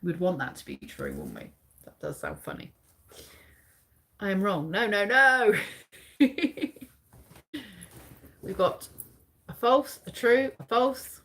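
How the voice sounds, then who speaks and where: A woman's voice: medium pitch, big pitch swings, slow pace, long pauses, a bit bright. A woman in her forties from England hosts a live quiz on her channel, chatting casually with viewers by name and reading out facts. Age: 40s. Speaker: livestream host. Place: dim room at home.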